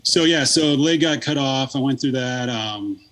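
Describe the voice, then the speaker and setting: A man's voice: medium pitch, unhurried, a bit bright. A man in his thirties, a podcast guest, telling a long story in casual, rambling talk full of swearing and fillers.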